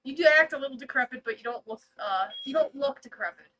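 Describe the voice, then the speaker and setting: A woman's voice: sits high, lively intonation, fast, bright, forceful tone, poor audio. A woman co-hosting a casual livestream, teasing and joking, with frequent laughter.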